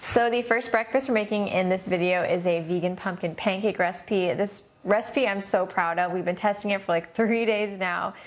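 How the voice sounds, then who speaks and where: A woman's voice: mid-range voice, normal speed, hardly any pauses. A woman hosting a cooking vlog, chatting upbeat and casual as she walks through a recipe in a home kitchen. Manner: upbeat, chatty, says "super" and "so good" a lot.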